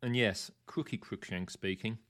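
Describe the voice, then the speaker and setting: A male narrator voicing a gruff, mocking middle-aged man who sneers at his caller. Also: lowish voice, normal speed, fairly bright tone, lightly acted. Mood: sneering.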